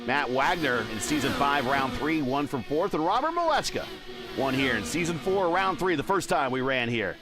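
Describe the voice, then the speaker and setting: A male sim racing commentator works through wins, podiums and career starts in a steady, mid-pitched voice. He breaks up the numbers with joking asides. Clear music plays underneath him. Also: normal speed. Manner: stat-heavy play-by-play with jokey asides. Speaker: race commentator.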